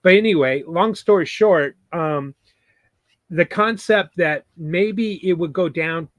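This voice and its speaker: A man's voice: on the high side, slow pace, dry recording. A man co-hosting a casual podcast, explaining ideas in a loose, hesitant way with many restarts. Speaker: podcast co-host.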